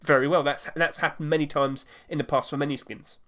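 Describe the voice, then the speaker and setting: A man's voice: fairly high pitch, fairly even intonation, a little fast, a bit bright. A man talking casually on his own about market prices, rambling a little and correcting himself as he goes. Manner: rambling, self-correcting, chatty. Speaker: gaming market commentator. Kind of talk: casual solo commentary.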